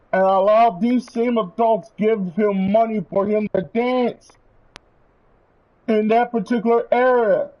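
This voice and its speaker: A man's voice: high voice, highs cut off. A man streaming, delivering a heated, profane rant to his viewers. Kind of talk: angry rant.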